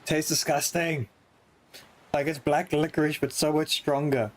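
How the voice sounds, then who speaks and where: A man's voice: a little high, flat delivery, moderate pace, poor audio. A man streaming a video game and chatting casually with friends, joking and swearing as he plays. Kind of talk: casual gaming stream chat.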